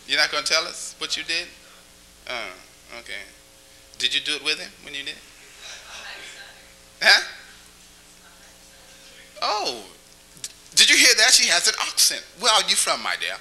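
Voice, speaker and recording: Poor audio captures a man whose somewhat high voice comes across pushed and bright. He performs stand-up in a small cafe, chatty and ribbing the audience with questions, occasionally crooning a song.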